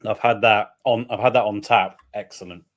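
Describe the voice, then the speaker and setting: A British man chats casually on a beer live stream. His talk rambles and his lines often trail off quietly in a self-deprecating way. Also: fairly low pitch, fairly even intonation, moderate pace. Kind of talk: casual chat.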